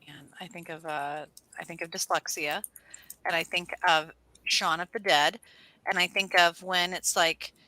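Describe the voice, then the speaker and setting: A woman hosting a casual astrology chat, telling stories in a lively way and acting out what people said. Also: fairly low pitch, unhurried, no room sound. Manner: animated storyteller, acts out quotes. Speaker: host.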